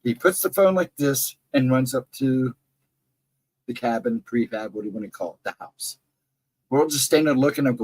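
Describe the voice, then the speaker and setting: A middle-aged man tells a story in a loose, rambling way, stopping to correct himself and throw in asides. His voice sits at a middle pitch and has a husky, breathy edge. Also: a little fast, poor audio. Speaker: storyteller on a live chat show. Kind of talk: casual storytelling.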